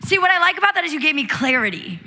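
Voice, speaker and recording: A young American woman talking as a guest in a live onstage conversation, bubbly and animated with lots of laughter. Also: sits high, very fast, noisy background. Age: young adult.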